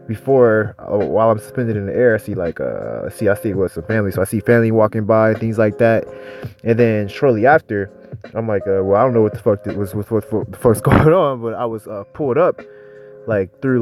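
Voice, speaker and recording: Young male street preacher, lowish voice, loose and profane, faint music underneath. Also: darkish tone. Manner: rambling, profane, street talk with constant "man". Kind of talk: informal religious teaching.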